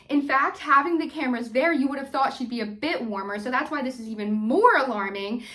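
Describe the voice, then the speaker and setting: A woman's voice: high voice, a bit bright. A young woman recapping a reality TV episode in a casual, heated vlog, full of "like" and "you know" as she rants. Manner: heated, ranting, many fillers like "like" and "you know". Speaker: recap vlogger.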